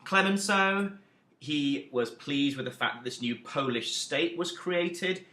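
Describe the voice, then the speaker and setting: Man explaining history, bright voice. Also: a little high, slow pace, roomy sound. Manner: emphatic, lively explaining with self-deprecating asides. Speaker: history teacher. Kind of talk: recorded lesson.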